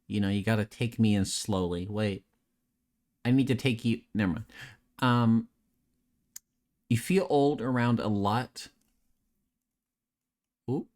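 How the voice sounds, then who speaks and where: Casting note: young man, low voice, loose rambling streamer banter, reads chat aloud and riffs on it. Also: takes it slowly, pauses often, a little mellow. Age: young adult. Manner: rambling, joking, reads chat messages aloud and answers them. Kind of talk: late-night casual chat stream.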